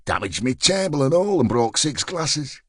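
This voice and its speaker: A man's voice: mid-range voice, very animated, moderate pace, fairly bright tone, slightly rough, dry recording, studio quality. A man voicing a nervous, gossipy male pub landlord who stammers and chatters. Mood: nervous gossip. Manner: stammering, chatty, dialect-heavy.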